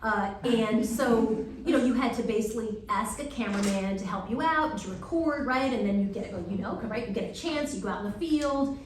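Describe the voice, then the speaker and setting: Lively woman from long island giving career advice at a q&a, kinda high voice, super echoey hall, mic far off. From Long Island, New York. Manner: animated, acts out voices in quick asides. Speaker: guest speaker answering student questions. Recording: echoey room, heard from far off, faint noise.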